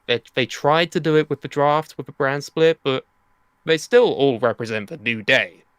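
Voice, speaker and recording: A man co-hosting a podcast, chatting in a relaxed, sweary way. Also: mid-range voice, moderate pace, clean tone, dry recording. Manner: relaxed, sweary, reads tweets aloud. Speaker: podcast co-host. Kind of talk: casual chat.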